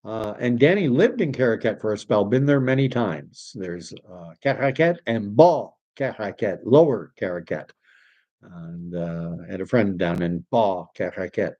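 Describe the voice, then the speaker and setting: A man's voice: lowish voice, animated, moderate pace, mellow, lo-fi sound. A man from Canada hosting a casual livestream, reading viewer comments aloud and rambling between topics, dropping in French phrases as he goes. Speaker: livestream host reading chat.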